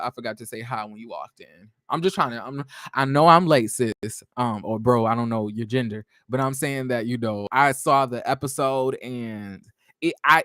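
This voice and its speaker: A man's voice: medium pitch, fairly bright tone, dry recording, studio quality. A man recapping a reality TV episode in a casual, sassy way, chatting to viewers and drifting into asides. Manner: sassy, slangy, addresses viewers as y'all.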